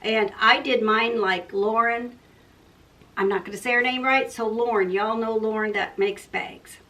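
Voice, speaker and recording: A woman's voice: fairly high pitch, steady tone, unhurried, pushed and bright. An older woman, hosting a casual sewing vlog and rambling from one thought to the next. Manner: rambling, chatty, loses her train of thought. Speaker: sewing channel host. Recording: voice a bit far from the mic.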